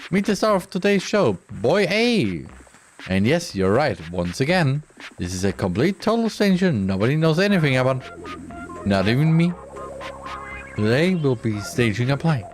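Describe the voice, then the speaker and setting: A man's voice: medium pitch, sing-song, moderate pace, faint music behind, close to an everyday voice. A man voicing a gleeful, sadistic male game-show presenter while reading game dialogue aloud, in a mock-cheerful, theatrical announcing manner.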